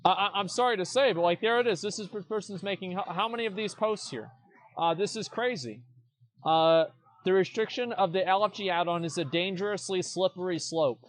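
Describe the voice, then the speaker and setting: A man's voice: sits high, brisk. Blunt, mocking young man streamer. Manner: repeats words as he restarts. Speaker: streamer reacting to forum posts. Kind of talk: casual commentary.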